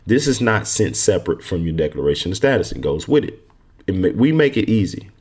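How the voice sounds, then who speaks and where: A man's voice: sits low, sing-song, brisk, darkish tone, breathy edge. A man from Texas casually walking viewers through a form, confident and emphatic, often repeating himself. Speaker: online course mentor. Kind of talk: casual screen walkthrough lesson.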